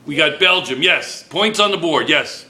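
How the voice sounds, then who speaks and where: A man teaching a chemistry class in a playful, teasing way, talking loudly to the room. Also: fairly high pitch, lively intonation, normal speed. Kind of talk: joking classroom review.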